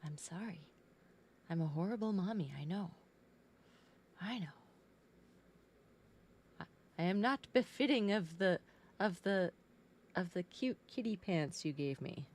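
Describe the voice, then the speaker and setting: A woman's voice: lowish voice, expressive, moderate pace, darkish tone. A woman painting on a live stream, chatting casually as she greets her viewers and talks to her cat.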